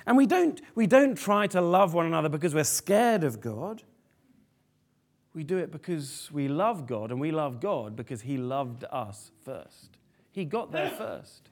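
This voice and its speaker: A man preaching a sermon to a family congregation, lively and animated, often asking the room questions. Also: on the high side, unhurried.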